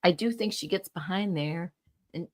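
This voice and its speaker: Middle-aged woman with a lowish voice. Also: normal speed. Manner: easygoing, laughs along, explains things plainly. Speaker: podcast co-host, the other host's mother. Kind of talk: casual comedic chat.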